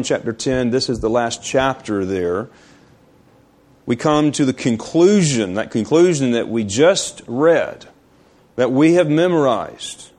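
A man preaches as a pastor in a mid-range voice with a darkish tone. His sermon climbs through forceful rhetorical questions, and he slows down to linger on key phrases.

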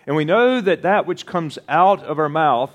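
A middle-aged man preaching a sermon, slow and deliberate, drawing out words for emphasis. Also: fairly high pitch, animated. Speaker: pastor.

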